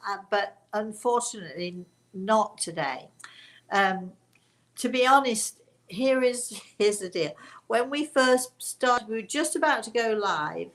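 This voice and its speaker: A woman's voice: mid-range voice, a bit bright. Chatty older woman hosting a live Q&A. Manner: chatty, rambling, self-correcting, laughs often. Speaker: spiritual medium hosting a live Q&A. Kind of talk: casual live-stream chat.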